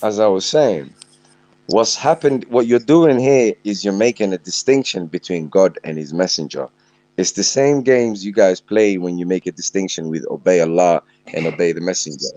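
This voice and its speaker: A man with a fairly low voice argues his case in a heated online voice-chat debate. He talks insistently, pushing to finish his point. His voice sounds dry and close, with no room around it. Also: moderate pace, mellow, dry recording. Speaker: debate participant reading verses.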